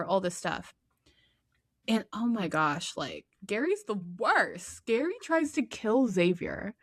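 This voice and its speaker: A woman co-hosting a podcast, retelling a TV drama in a lively casual chat, laughing often and acting out characters' lines. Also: medium pitch, measured pace. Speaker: podcast co-host.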